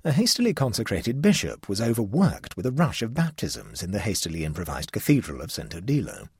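A male narrator reading a classic tale with a very animated, swinging delivery. His voice sits low and has a strongly husky texture. It is recorded close and dry, with no room sound. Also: no room sound. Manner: expressive, storytelling delivery. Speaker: audiobook narrator. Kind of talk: scripted narration.

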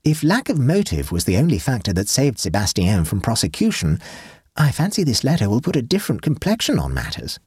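A man voicing Egbert, an earnest, fussy young English gentleman who speaks in a raised, excitable voice. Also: brisk, slightly rough, dry recording, clean studio sound, heavily acted. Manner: earnest, excitable, pitch rising.

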